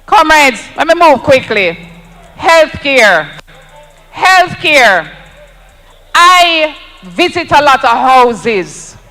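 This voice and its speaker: A man's voice: extremely high pitch, sing-song, takes it slowly, few pauses, bright, forceful tone, big-room sound, faint music behind, poor audio. A Jamaican man giving an emphatic, rousing campaign speech at an outdoor rally, repeating lines for effect. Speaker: political speaker at a rally.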